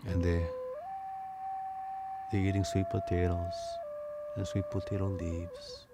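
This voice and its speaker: Speaking slowly in a deep, level voice, a man with a Hawaiian Pidgin accent, a teacher and storyteller, tells a legend with drama and emphatic repetition. Instrumental music plays behind his oral storytelling.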